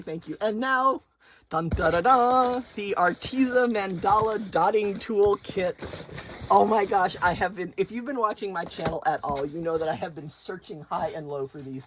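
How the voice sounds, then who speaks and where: Woman, craft vlog host, gushing, low voice, faint background hiss. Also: normal speed. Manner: gushing, excited, squeals with delight over items. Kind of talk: chatty unboxing vlog.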